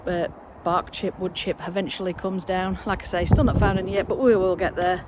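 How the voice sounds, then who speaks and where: A woman's voice: fairly low pitch, fairly even intonation, brisk. A woman chatting casually in a gardening vlog from her allotment, rambling and cheering herself on. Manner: chatty, rambling, self-encouraging. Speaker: allotment vlogger. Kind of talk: casual outdoor vlog chat. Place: windy allotment outdoors. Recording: outdoor wind and traffic noise.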